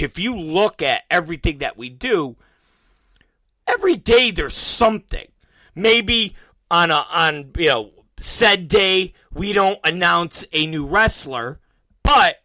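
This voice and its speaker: A man's voice: a little high, pushed and bright, no room sound. A man hosting his own show, talking casually and swearing often while acting out both sides of conversations he has had. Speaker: podcast host. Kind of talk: casual profane monologue.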